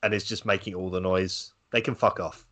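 A man's voice: deep voice, flat delivery, a little fast, a bit bright, no room sound. A man on a podcast panel who gives blunt opinions and laughs often. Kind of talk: casual podcast chat.

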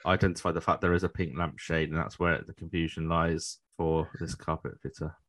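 A man's voice: very deep voice, level tone, brisk. A man co-hosting a podcast, chatting casually, laughing easily and tagging on questions. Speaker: podcast co-host. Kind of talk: casual chat.

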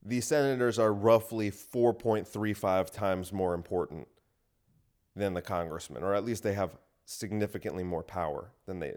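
A man hosting his own podcast, ranting bluntly and with profanity in a casual solo monologue recorded in a home gym room. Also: low voice. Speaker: comedian podcast host.

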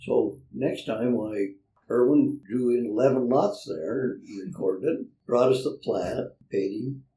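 A man's voice: mid-range voice, slow, dark tone, slight background noise. An older man, a land developer being interviewed, tells folksy anecdotes and chuckles as he acts out the people in them. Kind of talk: anecdotal storytelling. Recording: roomy, distant from mic.

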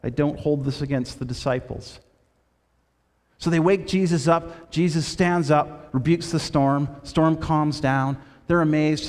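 A man preaching a sermon, retelling stories in a lively way and dropping his voice low and quiet for quoted lines. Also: unhurried, big-room sound. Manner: storytelling with quoted voices, shifting between loud and hushed. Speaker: pastor.

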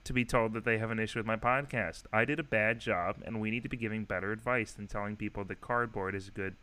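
A man's voice: fairly low pitch, steady tone, quick pace, pushed and bright. A young man co-hosting a casual comedy podcast, joking around and laughing often. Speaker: podcast co-host.

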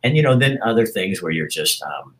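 A man in his sixties being interviewed, talking frankly and reflectively about his life, with halting restarts. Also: fairly low pitch, very animated, rough recording. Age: 60s. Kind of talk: candid personal interview.

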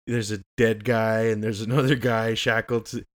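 A man's voice: fairly low pitch, little pitch movement, normal speed. A man co-hosting a podcast, talking casually with blunt, crude humor. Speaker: podcast co-host. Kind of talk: casual chat.

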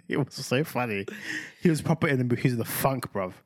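A man's voice: mid-range voice, normal speed. A young man, co-hosting a podcast in casual chat, telling stories with lots of laughter and imitated voices. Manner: animated storytelling, mimics voices, laughs often. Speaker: podcast co-host.

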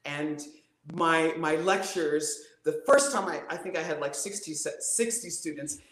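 A woman's voice: measured pace, reverberant. A woman voice coach talking expressively as an interview guest, demonstrating with her voice. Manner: expressive, demonstrative, big pitch swings. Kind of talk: animated interview talk.

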